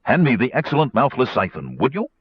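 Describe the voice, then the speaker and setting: A man's voice: medium pitch, huge pitch swings, quick pace, husky, no echo, highs cut off. A man voicing a pompous, fussy male gnome inventor who talks in grand, wordy phrases, as an audiobook character voice. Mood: eager.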